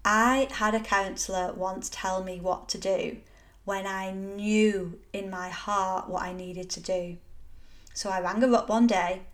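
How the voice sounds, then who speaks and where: A woman's voice: medium pitch, steady tone, a little slow. A middle-aged woman hosting a solo motivational podcast, talking in an earnest, encouraging and emphatic way. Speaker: podcast host.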